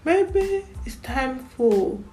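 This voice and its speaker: A woman talks through her fan commentary in a fairly high, mellow voice, unhurried and chatty. She repeats words and names as she thinks aloud, with faint music playing underneath. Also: very animated, low-quality recording. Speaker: Formula One fan vlogger.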